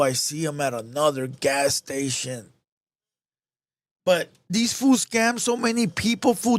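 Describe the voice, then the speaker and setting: A man's voice: on the high side, no room sound. A man hosting a live show, telling a heated, profane story in casual street slang, repeating himself as he goes.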